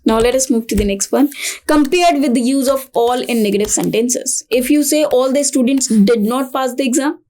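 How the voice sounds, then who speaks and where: A woman's voice: sits high, moderate pace, warm tone. Patient woman teaching English grammar. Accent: Indian English. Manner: patient, repeats and rephrases each point. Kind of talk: grammar lesson for exam prep.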